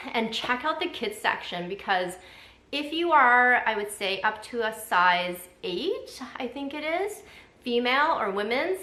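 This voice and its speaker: A young woman from Canada chatting casually through a haul vlog, quick and full of ums and likes. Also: mid-range voice, pushed and bright, roomy sound, poor audio. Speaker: vlogger.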